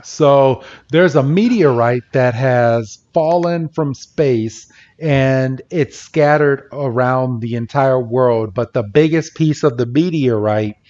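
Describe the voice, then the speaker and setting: A man's voice: mid-range voice, slow, darkish tone, highs cut off. A man co-hosting a podcast, recapping an episode in a casual way, swearing freely and laughing often. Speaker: podcast co-host.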